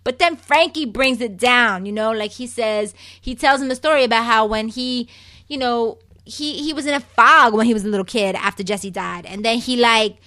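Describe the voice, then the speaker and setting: A woman's voice: fairly high pitch, moderate pace, no room sound. Chatty woman recapping soap episodes. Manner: chatty, animated, opinionated, addresses listeners as "people". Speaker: soap opera recap host. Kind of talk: casual chat.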